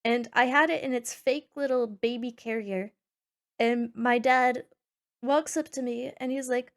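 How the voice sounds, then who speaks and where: A young woman streamer reading forum posts aloud and reacting in a sarcastic, animated way, with sudden loud squeals. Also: on the high side, measured pace. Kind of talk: casual reaction chat.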